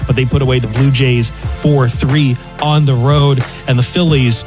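Male sports news anchor, brisk score-reader with casual asides, music bed clearly under him. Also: mid-range voice, steady tone. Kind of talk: reading a sports news update.

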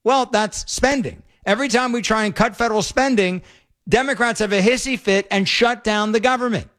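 A middle-aged man hosting an opinionated talk show, animated and exasperated, often stumbling and repeating words. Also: high voice, normal speed. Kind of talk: opinionated talk radio commentary.

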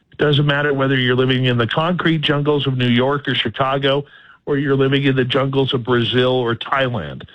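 A male podcast host talking in an earnest, emphatic way and posing questions. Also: mid-range voice. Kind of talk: casual conversation. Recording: slightly dull audio.

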